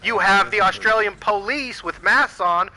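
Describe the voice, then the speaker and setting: A man's voice: high voice, moderate pace, bright, forceful tone, poor audio. An American man giving a heated, profane political rant to camera, firing off rhetorical questions. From United States. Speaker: channel host.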